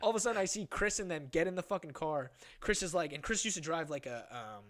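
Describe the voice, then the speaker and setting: Animated swearing young man telling a story. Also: fairly high pitch, quick pace. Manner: animated, swears a lot, acts out voices in his story. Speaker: podcast guest. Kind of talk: casual storytelling.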